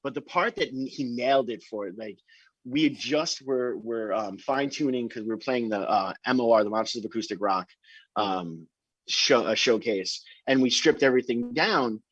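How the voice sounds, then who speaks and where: A band member telling an animated story in an interview, talking excitedly about recording. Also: male voice, mid-range voice, moderate pace, breathy edge, dry recording, lo-fi sound.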